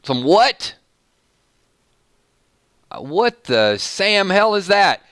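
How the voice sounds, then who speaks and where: Bright Southern-accented man hosting a stream. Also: high-pitched, sing-song, extremely slow, clean tone, no echo. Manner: jokey, reads viewer comments aloud. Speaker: live stream host. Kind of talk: casual live stream chat.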